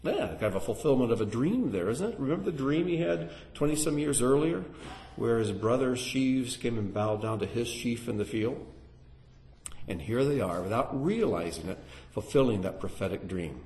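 A man's voice: mid-range voice, normal speed. A man teaching a Bible lesson to a live audience in sermon style, putting questions to the listeners. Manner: animated, asks the audience questions. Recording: echoey room.

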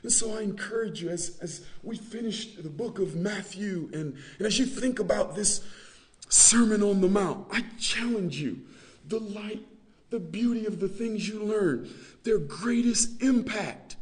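A man's voice: high voice, lively intonation, unhurried. A man giving a sermon, earnest and exhorting, with humorous asides. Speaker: guest preacher.

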